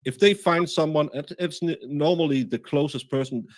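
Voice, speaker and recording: A man hosting a casual livestream chat, rambling and halting with many fillers as he reads comments. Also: fairly high pitch. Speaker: livestream host.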